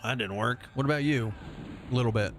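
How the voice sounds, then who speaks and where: A man's voice: mid-range voice, a little fast, a little hiss or hum. Joking, profane male game streamer. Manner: joking, profane, rambling asides. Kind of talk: casual livestream chat while gaming.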